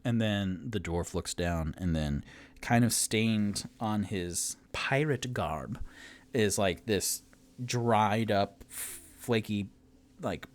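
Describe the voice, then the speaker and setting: A man's voice: lowish voice, slow pace. A man running a tabletop game on his own, narrating casually with many fillers. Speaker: game master and sole player.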